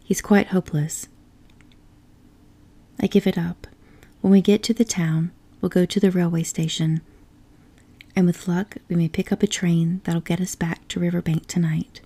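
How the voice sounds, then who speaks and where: A stern, practical male water rat speaks firmly in a low whisper, as a woman acts him out. This whispered role-play of a storybook sounds husky, mellow and gravelly. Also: flat delivery, normal speed, pauses often. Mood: exasperated. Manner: firm, stern, exasperated.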